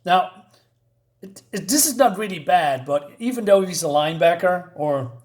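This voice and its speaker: A man's voice: high-pitched, expressive, normal speed, a little mellow. A man reviewing a comic book in a chatty, casual way, with many fillers and asides.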